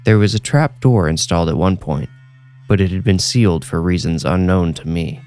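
Deep-voiced guy telling a scary story, slow and hushed, soft music under it. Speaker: horror story narrator and host. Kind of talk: scripted horror narration.

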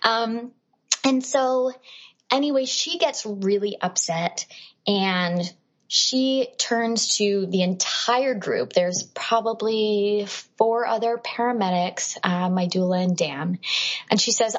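A woman guest on a podcast, telling a personal story in a lively way and acting out what other people said. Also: medium pitch, slow, lo-fi sound. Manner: animated, acts out what others said.

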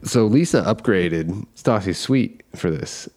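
A man's voice: lowish voice, lively intonation, slow pace, darkish tone. A man co-hosting a podcast in casual chat, laid-back and a bit hesitant. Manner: laid-back, hesitant, many ums and restarts. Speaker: podcast co-host.

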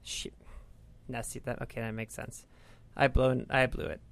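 A man's voice: mid-range voice, little pitch movement, normal speed, vocal fry, a bit bright. A man co-hosting a podcast in a casual chat, joking and running himself down. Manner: jokey, self-deprecating. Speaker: podcast co-host.

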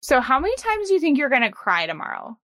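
Woman in her 30s cohosting a podcast, kinda high voice, chatty, says like a lot, dry close sound. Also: wildly swooping pitch, fast, fairly bright tone, no room sound. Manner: chatty, lots of "like" and laughs. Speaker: podcast co-host. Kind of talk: casual chat.

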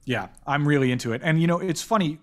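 A man hosting a casual panel chat about films, talking quickly and excitedly with many fillers and restarts. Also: a little high. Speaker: podcast host, editor-in-chief.

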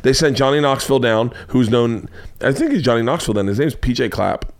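A man in his forties from the United States, hosting his own show with a rambling, profane comedic monologue and animated storytelling. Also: mid-range voice, brisk. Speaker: comedian podcast host.

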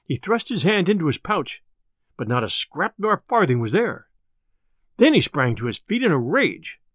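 A male storyteller with a fairly high voice that rises and falls with great liveliness. His reading is expressive and theatrical, recorded close and bone dry. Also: normal speed, dry recording. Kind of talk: scripted narration of a classic tale.

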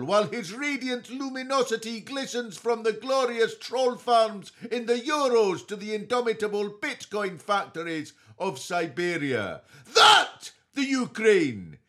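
A man doing a comic impression of a pompous older male political pundit, declaiming slowly and grandly. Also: very high-pitched, fairly bright tone, voice pushed up, full character voice.

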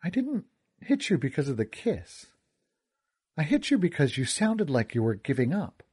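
A man voicing a calm, teasing young sorceress. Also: a little high, moderate pace, slightly rough, pitched above the performer's own voice, heavily acted.

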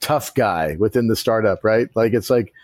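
A man's voice: fairly low pitch, moderate pace, dry recording. A man co-hosting a podcast, chatting casually in an amused, joking way. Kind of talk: casual chat.

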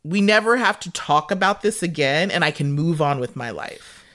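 Woman with a lively swinging voice. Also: sits low, normal speed. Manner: emphatic, swears casually. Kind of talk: casual chat.

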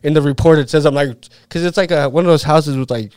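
Man, forties, from Utah, podcast guest, casual profane storytelling, fillers everywhere, slightly high voice. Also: fast talker, a little mellow, smooth, dry recording, clean studio sound. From Utah, USA. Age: 40s. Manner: rambling, profane, full of "like" and "dude".

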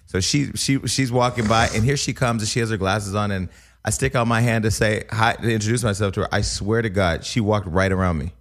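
A man's voice: lowish voice, fairly even intonation, fairly quick, fairly bright tone. A man hosting a casual talk show, telling stories and teasing his co-host with plenty of profanity. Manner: brash, profane storytelling, teasing. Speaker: podcast host. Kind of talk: casual chat.

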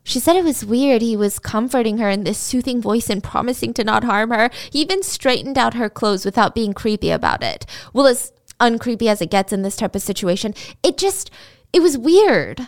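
A young woman podcast host retelling a true-crime story in a casual, animated, chatty way. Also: fairly high pitch, normal speed.

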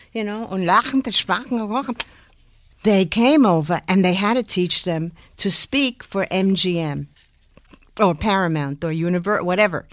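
Animated older woman telling showbiz stories. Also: mid-range voice, dry recording, clean studio sound. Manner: animated, laughs often, slips into impressions. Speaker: impressionist and singer, guest. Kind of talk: lively storytelling in a talk interview.

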